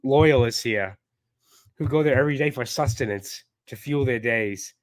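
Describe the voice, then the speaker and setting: A man's voice: mid-range voice, normal speed, no room sound. A man hosting a sports podcast while sick with a sinus infection, sardonic and profane. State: sick, congested voice. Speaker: podcast host. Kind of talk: casual sports podcast chat.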